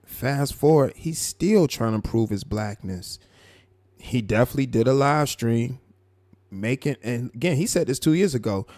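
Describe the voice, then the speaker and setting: A man hosting a live stream, commenting on a clip in a mocking, animated way. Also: mid-range voice, dry recording. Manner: mocking, animated, drawn-out asides. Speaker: live show host.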